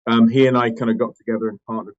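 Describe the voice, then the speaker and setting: A man's voice: medium pitch, flat delivery, very fast, darkish tone. British man, fillers, muffled sound. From United Kingdom. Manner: thoughtful, many fillers and restarts. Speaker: company co-founder, guest. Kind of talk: conversational interview.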